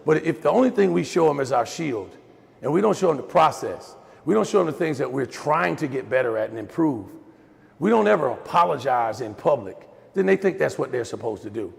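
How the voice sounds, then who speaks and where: A middle-aged man, speaking at a virtual Q&A as a folksy, animated storyteller who talks to his listeners as "y'all". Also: a little high, a little fast, creaky, big-room sound. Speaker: guest speaker on raising boys.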